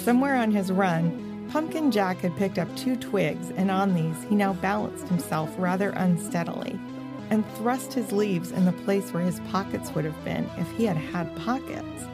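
A woman narrating a children's storybook in a gentle, expressive way. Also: medium pitch, moderate pace. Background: music.

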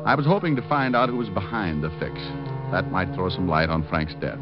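An actor playing a wisecracking private detective who narrates and trades dry, sarcastic quips, in 1950s radio drama style. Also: male voice, low voice, big pitch swings, a little fast. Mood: wry. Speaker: narrator and lead. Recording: dull lo-fi old radio recording with music behind.

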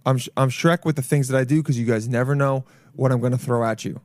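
A young man hosting a solo podcast from his apartment, rambling loudly with jokes and swearing. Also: mid-range voice, steady tone, fast, no room sound. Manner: rambling, loud, jokey, swears a lot. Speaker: podcast host. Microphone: camera mic.

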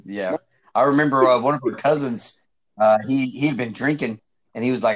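A man's voice: mid-range voice, normal speed, husky. A young man, joking and swearing in casual chat with his older brother. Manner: lively, joking, profane.

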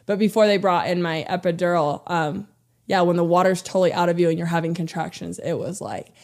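This woman in her thirties is an interview guest in a casual chat, a bubbly storyteller who laughs often and fills her speech with "like." Her voice sits lowish and a little mellow, with a steady tone and a fairly quick pace.

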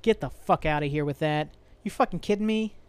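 A man's voice: on the high side, fairly quick, clear, resonant tone, no echo. A young man hosting a solo podcast, ranting angrily and profanely with frequent sighs and restarts. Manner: angry, profane, rambling rant with sighs. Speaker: podcast host.

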